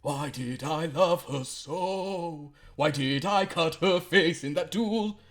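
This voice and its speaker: A man's voice: on the high side, slow pace, fairly bright tone, voice pushed up. A man putting on a pompous lovesick old commodore. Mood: pompous lament. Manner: theatrical, mournful, bursts into song.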